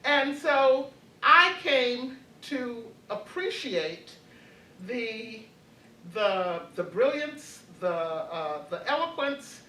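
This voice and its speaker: A woman's voice: a little high, big pitch swings, very slow, bright, forceful tone, reverberant, distant mic, poor audio. An older woman in her eighties, reflecting on her college years as a panelist, hesitant with many fillers and restarts and frequent laughs. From Baltimore. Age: 80s. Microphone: video call.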